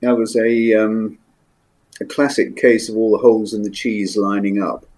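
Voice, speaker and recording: An older man, a former naval pilot, recalling his flying days in an interview, measured and hesitant with frequent ums. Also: fairly low pitch, level tone, darkish tone. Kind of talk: interview recollection.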